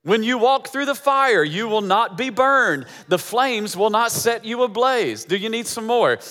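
Male pastor, high voice, emphatic repetitive sermon delivery, hall reverb. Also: lively intonation, measured pace, bright, forceful tone. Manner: emphatic, repeating phrases for effect.

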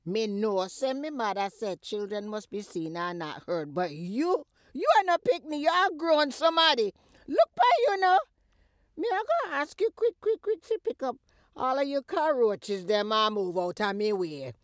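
A woman's voice: mid-range voice, expressive, moderate pace, few pauses, no echo, clean studio sound, lightly acted. A woman playing a mocking Jamaican mother. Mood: mocking scolding. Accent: Jamaican patois. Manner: teasing, scolding, big swoops and cackles. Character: scolding older Jamaican mother, sharp-tongued and mocking. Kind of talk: comedy skit monologue.

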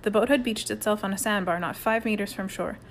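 A woman reading a children's novel aloud in calm, even narration. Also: mid-range voice, fairly quick, slight background noise. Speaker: audiobook reader. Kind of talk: scripted narration.

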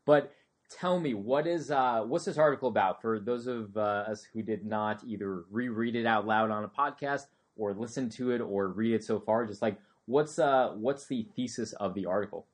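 A man's voice: on the low side, normal speed. A man hosting a dance podcast, talking in a casual, upbeat and joking way. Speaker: podcast host. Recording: roomy echo.

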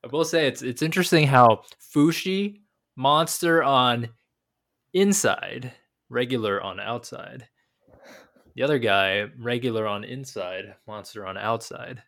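A young man co-hosting a casual discussion of an anime episode, rambling and animated with lots of fillers. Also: mid-range voice, a little slow. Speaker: podcast co-host.

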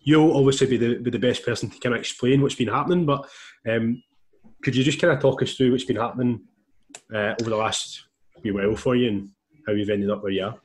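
A man's voice: medium pitch, steady tone, fast talker. A man hosting a podcast, opening with casual chat and introducing his guest with plenty of fillers and friendly slang. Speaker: podcast host.

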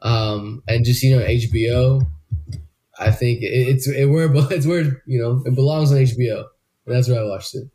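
Man, podcast host, casual chat, rambling, swears a lot, mid pitch. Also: moderate pace, dark tone. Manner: loose and rambling, swears freely, trails off. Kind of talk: casual movie review chat.

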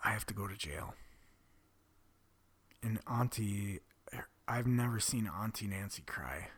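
Slow, husky-voiced man confiding. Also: on the low side, fairly bright tone. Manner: confessional, often dropping to a breathy whisper; blunt, swears freely. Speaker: vlogger telling his own story. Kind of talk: candid personal storytelling.

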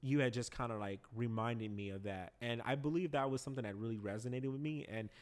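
A man's voice: medium pitch, fast talker. A man hosting a podcast, speaking candidly in casual conversation and laughing a little when he gets emotional. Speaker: podcast host.

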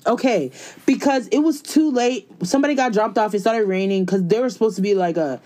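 A woman's voice: medium pitch, brisk, dark tone. A young woman in casual chat, blunt and slangy.

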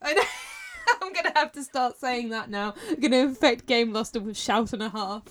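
A British woman chatting casually on a podcast, quick to laugh. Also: on the high side, fairly bright tone, slight background noise. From Britain. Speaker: podcast guest. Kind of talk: casual chat.

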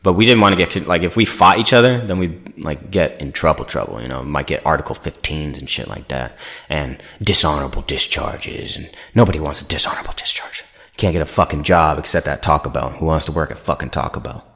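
Speaking fairly quickly in a very deep, slightly bright voice, a young podcast host delivers a casual storytelling rant. His profane, meandering story includes impressions of the people he quotes.

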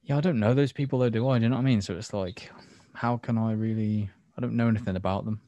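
A man's voice: on the low side, fairly even intonation, fast talker, dark tone, no echo, highs cut off. A man co-hosting a podcast, answering in a laid-back, brief way during casual chat. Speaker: podcast co-host.

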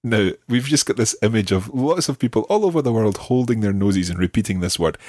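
This is a man hosting a language lesson, with a low and slightly husky voice. His pitch moves a lot as he explains, and he slows down to model words clearly. The recording is close and dry. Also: expressive, darkish tone, no room sound. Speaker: language course host and teacher. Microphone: close studio mic.

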